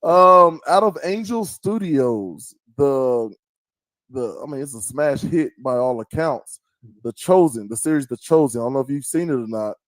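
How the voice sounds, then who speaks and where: A middle-aged man hosts a podcast in a casual, chatty way. He tells stories and slips into voices to mimic people. His voice sits at a middle pitch in a dry studio. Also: expressive, moderate pace, a bit bright, no room sound. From American South. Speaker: podcast host. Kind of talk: casual chat.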